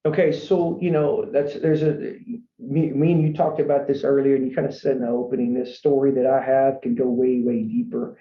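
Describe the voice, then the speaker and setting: A man's voice: mid-range voice, level tone, brisk. A man who runs a franchise company, guest on a podcast, telling his story in an earnest, rambling way and often saying "man". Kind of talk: casual storytelling interview. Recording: echoey room, dull lo-fi sound.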